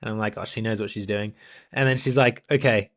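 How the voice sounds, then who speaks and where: A young man, a professional triathlete, co-hosting a podcast and telling a story in a lively, animated way, acting out what people said. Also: lowish voice, a little fast. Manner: animated storyteller, acts out quotes, laughs often. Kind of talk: casual storytelling chat.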